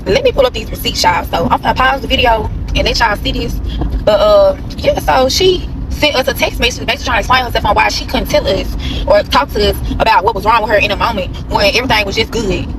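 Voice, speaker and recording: A woman in her thirties tells a storytime vlog straight to her viewers, blunt, heated and swearing heavily. Her voice sits on the high side and moves at a quick pace, with noise in the background.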